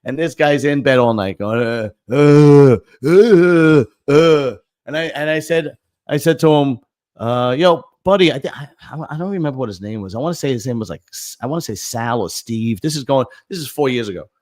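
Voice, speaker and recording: A man's voice: mid-range voice, fast talker, dry recording. A man hosting a casual podcast chat, telling a story full of swearing and acting out the people in it. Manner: profane, animated storyteller acting out quotes. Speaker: podcast host.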